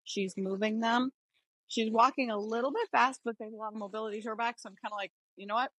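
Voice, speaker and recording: A woman horse trainer talking through a riding lesson from the saddle, explaining each step in a relaxed way. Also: a little high, fast talker, dry recording, rough recording. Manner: relaxed, explanatory, thinking aloud while riding. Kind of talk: riding lesson narration while mounted. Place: outdoors on horseback.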